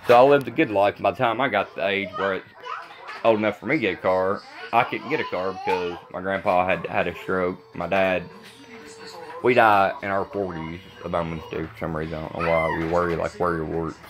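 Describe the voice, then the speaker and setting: A man's voice: sits low, fairly even intonation, normal speed, background noise. A man in his thirties, a vlogger talking to camera in a blunt, rambling way, repeating himself. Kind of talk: casual rambling monologue to camera.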